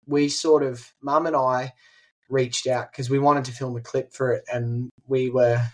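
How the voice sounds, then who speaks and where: A man's voice: mid-range voice, flat delivery, a little slow. A teenage man with an Australian accent, chatting casually as a guest in an interview, with lots of ums and restarts. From regional New South Wales, Australia. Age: teens. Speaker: guest musician.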